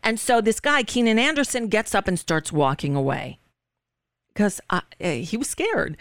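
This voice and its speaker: A woman's voice: medium pitch, expressive, normal speed, no room sound, clean studio sound. A woman hosting a political talk radio show, telling a story with indignant passion.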